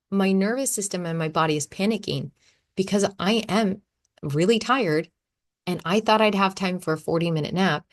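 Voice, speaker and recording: A woman in her thirties hosting a casual solo podcast, talking in a chatty, animated way and laughing often. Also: low-pitched. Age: 30s. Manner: chatty, animated, acts out her own quotes. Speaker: podcast host.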